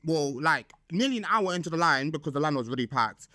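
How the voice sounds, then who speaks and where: A man's voice: on the high side, expressive, fast talker, sharp tone, no echo, studio quality. A man, hosting a casual storytime vlog and gossiping dramatically about his birthday, full of fillers. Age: 20s. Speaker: vlog host.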